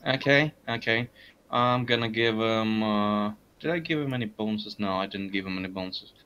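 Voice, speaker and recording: A man running a tabletop game for friends, laid-back and quick to laugh, often stammering and restarting. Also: fairly low pitch, sharp tone, highs cut off, slight background noise. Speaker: game master.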